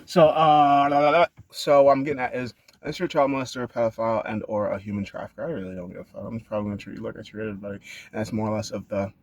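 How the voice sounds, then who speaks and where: A man talking in a rambling, profane monologue that sometimes bursts into high-pitched shouting. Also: fairly even intonation, rapid-fire, no room sound. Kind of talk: casual monologue rant.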